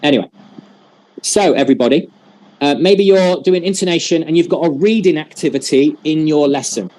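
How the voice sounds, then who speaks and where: Man, fairly high voice, workshop trainer, explanatory, video call. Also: moderate pace, mellow. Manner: explanatory, demonstrative, uses examples. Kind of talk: teacher-training talk over a video call.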